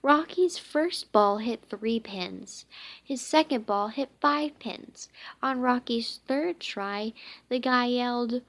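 A woman reads a children's storybook aloud at a slow pace, stumbling and going back over words with many "uh"s. Her voice sits a little high. The reading stays unhurried throughout. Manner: halting, many slips and restarts with "uh". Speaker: reader.

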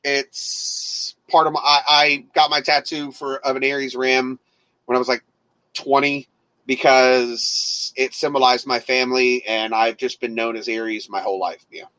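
A man with a Southern accent, co-hosting a casual livecast and telling stories in a lively, profane way, acting out the people in them. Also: mid-range voice, normal speed, poor audio. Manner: profane, animated storyteller who jumps into acted voices. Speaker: livecast co-host and former DJ. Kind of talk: casual chat and storytelling.

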